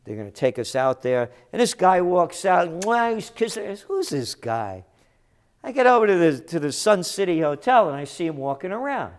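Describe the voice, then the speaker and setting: An older man hosting a trends commentary show, delivering a combative, sarcastic ranting monologue that breaks into shouted insults. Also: high voice, very animated, moderate pace.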